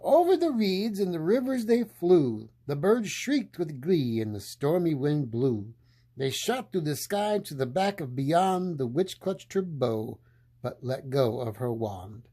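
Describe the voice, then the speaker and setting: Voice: mid-range voice, very animated, a little slow, mellow, slightly rough. A storyteller reading a picture book aloud in a playful way, often laughing along with the story.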